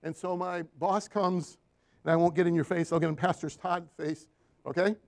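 High-voiced man preaching a sermon. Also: steady tone, moderate pace, vocal fry. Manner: storytelling, asks the room for "Amen?". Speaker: Christian counselor and guest preacher. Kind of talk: sermon with slides.

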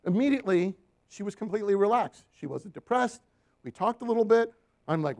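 A man with a high-pitched voice preaches a sermon, telling stories from his counseling work. He walks the congregation through slides and keeps asking them for an amen. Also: animated, a little fast, vocal fry, a little mellow. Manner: storytelling, asks the room for "Amen?". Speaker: Christian counselor and guest preacher.

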